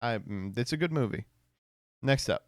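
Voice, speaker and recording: Animated, laughing man streamer. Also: medium pitch, moderate pace, dry recording, clean studio sound. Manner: animated, laughs often, swears. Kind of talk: casual reaction stream.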